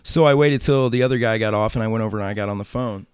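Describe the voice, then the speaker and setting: A man's voice: fairly low pitch, racing, clean tone, no echo, studio quality. A man talking as a tattoo artist guest in an interview, telling stories casually, swearing freely and acting out what other people said. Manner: profane, acts out quoted voices.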